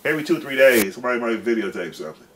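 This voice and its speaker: A man in his forties spins a long, rambling tale in loose, profane slang. His voice sits at an ordinary middle pitch. He is picked up from some distance off the mic, with a faint hiss of noise behind him. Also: animated, racing, fairly bright tone. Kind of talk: casual storytelling.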